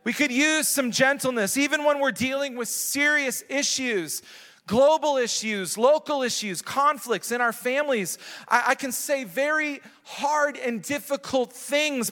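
High-voiced pastor preaching in echoing hall. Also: male voice, a little slow, pushed and bright. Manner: earnest, repetitive, urging the congregation. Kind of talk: sermon. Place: large church hall. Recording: long hall reverb.

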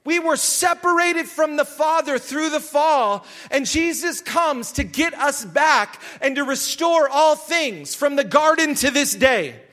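A man preaching a sermon to his church, emphatic, repeating his phrases and sometimes raising his voice to a shout. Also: very high-pitched, expressive, a little slow, few pauses.

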